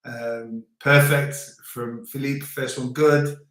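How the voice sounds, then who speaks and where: A man's voice: medium pitch, fairly even intonation, slow pace, a bit bright, reverberant. A man from the UK casually chatting on a livestream, joking and reading out viewer comments. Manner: jokey, reads out viewer comments. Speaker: livestream host.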